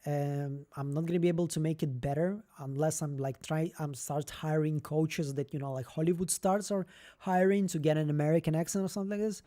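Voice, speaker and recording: A man's voice: fairly high pitch, steady tone, brisk, warm tone. A young man with a non-native English accent, chatting candidly and rambling on a live stream as host. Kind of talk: casual live-stream chat.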